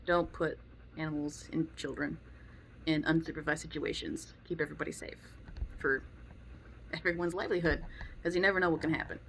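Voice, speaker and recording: Low-voiced blunt young woman. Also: steady tone, brisk, long pauses, slight background noise. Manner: blunt, opinionated, acts out quoted voices. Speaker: dog trainer vlogger. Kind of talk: casual advice monologue.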